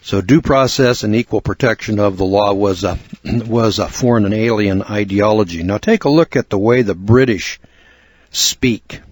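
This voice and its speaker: An older American man reads and explains a book review in an earnest, measured lecturing manner. His voice sits on the low side and is recorded close and dry, with no room sound. He talks steadily, pausing now and then for asides. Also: no echo. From United States. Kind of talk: spoken book review narration.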